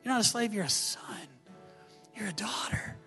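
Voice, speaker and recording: A middle-aged male pastor preaching a sermon, animated, with playful asides to the congregation. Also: high voice, normal speed, whispered. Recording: long hall reverb, faint music behind.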